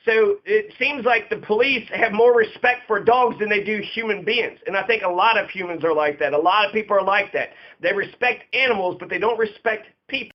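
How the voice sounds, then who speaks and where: A man with a noticeably high voice holds forth in an unscripted rant, swearing freely and repeating lines for emphasis. The recording sounds dull and lo-fi. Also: a little fast, hardly any pauses. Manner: profane, emphatic and repetitive. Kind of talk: casual ranting monologue.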